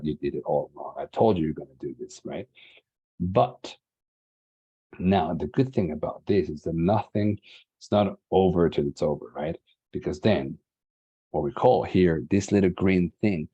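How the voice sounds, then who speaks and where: Deep husky man from Latin America. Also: warm tone, lo-fi sound. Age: 40s. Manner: earnest, emphatic, repeats key words. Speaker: summit speaker. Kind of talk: motivational talk.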